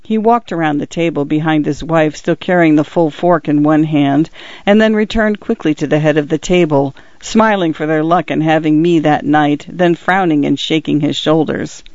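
A man narrates a literary audiobook in a measured, even way. His voice sits slightly high, and the recording is dry and a little dull. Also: no echo.

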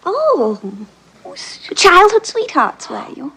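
A very high, giggly, gushing lady. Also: huge pitch swings, takes it slowly, fairly bright tone, exaggerated voice. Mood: cooing. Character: giggly, soft-hearted young woman, easily moved to tears.

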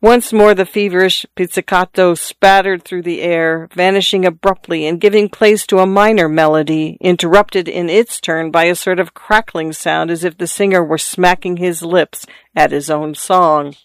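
A storyteller reading a classic tale at a measured, descriptive pace. The voice is smooth and clear, of middle pitch, and recorded close with a dry, dead sound and no room echo. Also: fairly even intonation. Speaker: narrator. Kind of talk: scripted narration of a classic story.

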